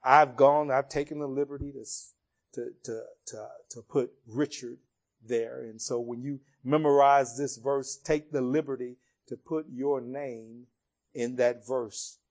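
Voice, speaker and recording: A man preaching a sermon, retelling a Bible story in an expressive storytelling way. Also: medium pitch, a little slow.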